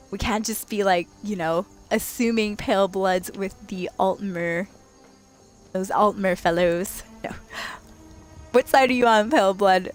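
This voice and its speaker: A young adult woman streaming a video game late at night, chatting and giggling with her viewers as she plays. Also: medium pitch. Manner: chatty and giggly, talking to chat while playing. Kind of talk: casual late-night gaming livestream chat.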